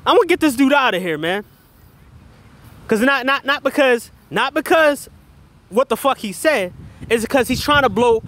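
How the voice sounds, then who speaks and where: Brief: a high-voiced man with a sharp, bright tone rants heatedly on a livestream, profane and repetitive, and calls out his chat directly. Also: slight background noise. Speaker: livestream commentator.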